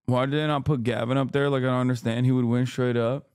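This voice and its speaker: A man's voice: mid-range voice, little pitch movement, quick pace, a little mellow, smooth, dry recording, clean studio sound. A man in his thirties livestreaming his reactions to a clip, casual, joking and sarcastic. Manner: joking, sarcastic, laughs between lines. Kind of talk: casual stream commentary.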